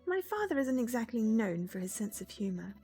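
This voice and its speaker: An eager, earnest teenage girl narrating her story, as a woman reads her lines. The pitch moves a lot. Faint game music plays behind. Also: very animated, brisk, dark tone. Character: sixteen-year-old girl, earnest and eager. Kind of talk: visual novel voice reading.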